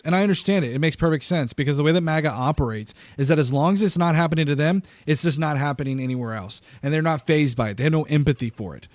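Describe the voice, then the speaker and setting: A man's voice: medium pitch, darkish tone, no echo. A man hosting a political commentary stream, arguing emphatically with frequent restarts. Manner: argumentative, emphatic, restarts and stammers. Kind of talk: casual reaction commentary.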